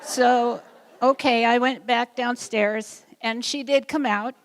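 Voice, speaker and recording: A woman with a smooth, fairly high voice tells amused stories about a puppy she raised. She speaks slowly, and her voice carries a long hall reverb. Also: steady tone. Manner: slow, amused anecdote-telling. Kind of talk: storytelling speech.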